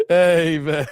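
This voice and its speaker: A man's voice: on the high side, no echo, studio quality. A man hosting a casual livestream, thanking donors and reading chat, playful and laughing often.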